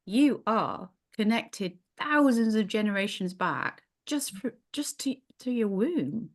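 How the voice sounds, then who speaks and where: A woman's voice: mid-range voice, lively intonation, takes it slowly. A middle-aged woman teaching a yoga class, thinking aloud with frequent restarts. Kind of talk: casual teaching in a small group.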